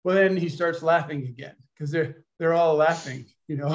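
Male storyteller, slightly high-pitched, casual and halting, rambling delivery. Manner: rambling, halting with many restarts. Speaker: storyteller at a gathering.

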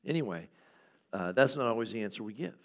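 This pastor preaches in a conversational, expressive way and talks fast, using fillers and short laughs. At times he acts out skeptical questions in a higher voice.

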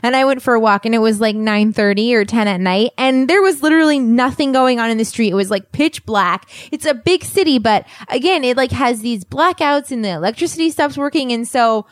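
Young woman chatting, teasing, says like a lot, bit high, dry close mic. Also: animated, brisk, few pauses, no echo. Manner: teasing, laughing easily, lots of "like". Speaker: travel podcast co-host. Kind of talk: casual chat.

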